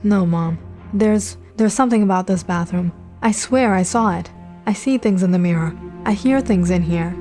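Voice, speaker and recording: A woman's voice: medium pitch, normal speed, natural voice. A woman narrator voicing a frightened young girl who pleads and stammers. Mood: pleading. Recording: loud music behind. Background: music.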